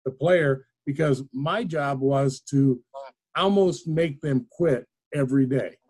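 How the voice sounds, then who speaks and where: A man's voice: medium pitch, takes it slowly, a little mellow, slightly rough. A man who was a coach, speaking plainly and emphatically in a casual chat. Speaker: former coach.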